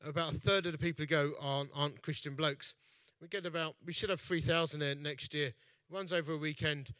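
A man's voice: a little high, steady tone, quick pace, pushed and bright, dry recording. A man preaching in a chatty, jokey storytelling way. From East London, England. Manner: jokey, chatty, self-mocking. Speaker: evangelist speaker, festival founder. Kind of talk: storytelling sermon.

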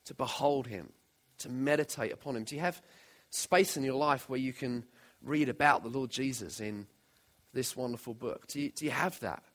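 A man's voice: medium pitch, moderate pace, a bit bright. A man preaching a sermon in an earnest way, often putting direct questions to his listeners.

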